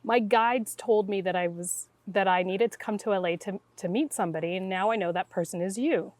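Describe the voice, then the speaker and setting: A woman's voice: mid-range voice, brisk, no room sound. A middle-aged woman, a guest intuitive, telling her story in conversation and acting out the voices of the people in it. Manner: animated, acts out quoted dialogue.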